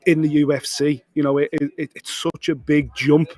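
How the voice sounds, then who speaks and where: A man co-hosting a fight show as a pundit, analysing in a measured way with frequent restarts over a video link. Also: on the high side, little pitch movement, a little mellow. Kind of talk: sports punditry.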